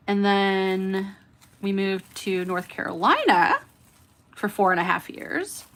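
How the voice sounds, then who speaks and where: A woman's voice: medium pitch, lively intonation, slow pace, fairly bright tone. Woman, 30s, California accent, faint Southern lilt, smiling and chatty while hosting a nail livestream. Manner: smiling, chatty, talks to live viewers by name. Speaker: nail art livestream host. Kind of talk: casual chat while doing nails.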